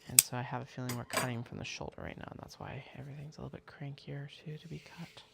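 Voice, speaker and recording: Gravelly voiced maker mumbling and counting out loud mid livestream, mid pitched. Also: fairly even intonation, fast, heavy background noise. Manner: mutters, counts aloud, thinks out loud. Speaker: craft maker livestreaming at work. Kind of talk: casual livestream chat while cutting.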